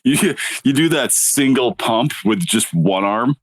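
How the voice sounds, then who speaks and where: A man's voice: medium pitch, lively intonation, unhurried, no echo. A man co-hosting a podcast in casual chat, giving wry, joking replies. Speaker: podcast co-host.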